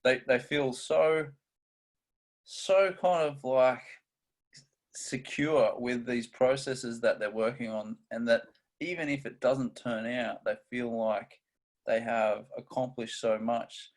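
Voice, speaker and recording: A man co-hosting a casual podcast chat, energetic and steering the talk through tips. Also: medium pitch, takes it slowly. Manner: energetic, steers topics, chatty asides. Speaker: co-host.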